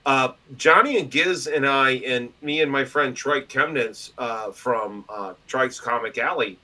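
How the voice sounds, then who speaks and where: A man telling stories as a guest in a casual interview, loud, profane and animated, slipping into other people's voices. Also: mid-range voice, measured pace, poor audio. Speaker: podcast guest and publisher.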